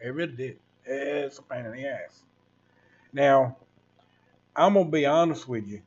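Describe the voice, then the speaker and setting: A man's voice: medium pitch, unhurried, darkish tone, husky, lo-fi sound. A man, ranting casually to viewers on his livestream in a rambling, preachy way. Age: 60s. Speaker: livestream host.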